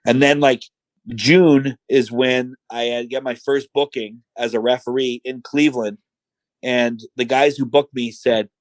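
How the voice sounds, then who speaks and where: Male podcast guest, lively raconteur, middle-pitched, dry recording. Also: a little slow, no echo, poor audio. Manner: animated, acts out quotes. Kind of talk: casual storytelling.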